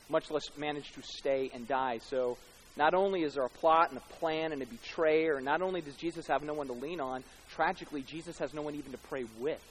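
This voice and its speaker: A man preaching a sermon, swinging from loud emphatic bursts to hushed tender passages, with casual conversational asides. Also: a little high, slight background noise, rough recording. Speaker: pastor. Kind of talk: expository sermon.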